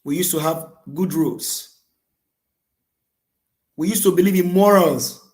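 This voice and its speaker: A man's voice: high voice, a little slow. A man in his thirties with a Nigerian accent, calling in with fervent, repetitive political commentary. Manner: fervent, repetitive, rising to shouts. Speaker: caller.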